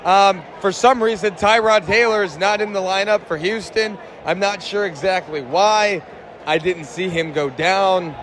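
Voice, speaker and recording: A man hosting his own fan sports show live from the stands of an outdoor football stadium, talking in a hyped, shouty, rambling way and losing his voice. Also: high-pitched, measured pace. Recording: loud stadium crowd and noise.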